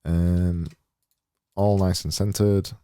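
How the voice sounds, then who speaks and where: Male designer, low and unhurried, thinking aloud on a dry close mic, rambling and self-mocking. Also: little pitch movement, mellow, clean tone, no room sound. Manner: rambling, muttering to himself while working, self-mocking. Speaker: designer livestreaming his work. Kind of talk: thinking-aloud livestream commentary.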